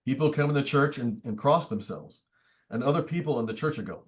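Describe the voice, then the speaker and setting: A man's voice: medium pitch, animated, brisk. A man, a priest, teaching a book study group in a conversational, thoughtful way with wry asides. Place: church meeting room.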